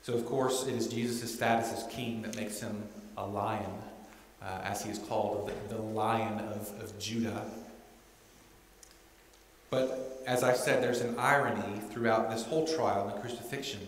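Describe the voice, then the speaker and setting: A man's voice: on the low side, steady tone, a little slow, slight background noise. A man preaching a sermon as pastor, in a conversational way that keeps checking in with the congregation. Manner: conversational, often asks "right?". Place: church sanctuary. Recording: echoey church hall.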